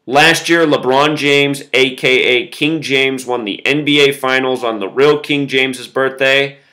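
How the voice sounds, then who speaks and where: Bright-voiced insistent male video host. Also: mid-range voice, fairly even intonation, measured pace, low-quality recording. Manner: insistent, explains with numbers, quotes song lyrics. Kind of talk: solo monologue video.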